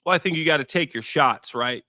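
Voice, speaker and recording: A man's voice: on the high side, brisk, pushed and bright, no echo, clean studio sound. A man in his thirties, a former pro football player, talking through a game in casual, emphatic analysis and repeating key points for stress. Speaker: former NFL player, guest. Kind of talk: casual sports analysis chat.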